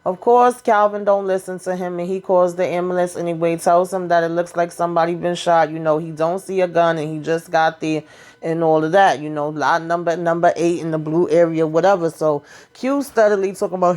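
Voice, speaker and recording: A woman's voice: on the low side, steady tone, brisk, a little mellow. A woman giving a sassy, casual recap of a TV episode, talking to the characters and acting out their lines. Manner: sassy, talks to the characters, acts out the dialogue. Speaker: show recap host.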